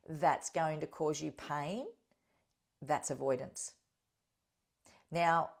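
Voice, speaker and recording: A woman's voice: low-pitched, creaky, a little mellow. A woman hosting a solo podcast, talking in an earnest, direct and encouraging way and checking in with her listeners. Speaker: podcast host and healing coach.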